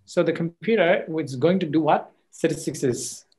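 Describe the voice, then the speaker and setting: A man's voice: on the high side, animated, moderate pace, darkish tone. A man teaching an exam coaching class in a classroom, with an Australian accent, emphatic, checking in with students often and correcting himself mid-sentence. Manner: frequent fillers and self-corrections. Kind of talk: classroom lecture.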